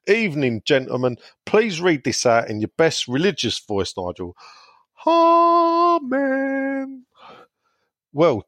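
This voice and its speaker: A man's voice: fairly low pitch, no echo, clean studio sound. A man hosting a casual podcast, reading listener messages aloud in a jokey, irreverent way. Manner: jokey, irreverent, chuckles between lines.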